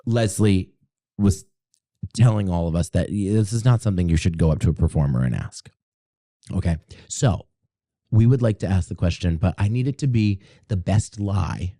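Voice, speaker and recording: A man's voice: sits low, animated, moderate pace, warm tone. A man hosting a casual interview podcast, chatty and prone to trailing off and restarting his sentences. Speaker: podcast host.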